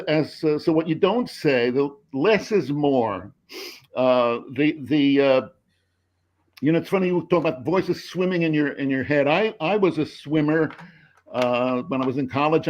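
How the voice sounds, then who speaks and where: An older man on a video call who rambles through an anecdote with many halting restarts, telling a joke along the way. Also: on the high side, darkish tone. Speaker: screenwriter and professor, panel guest.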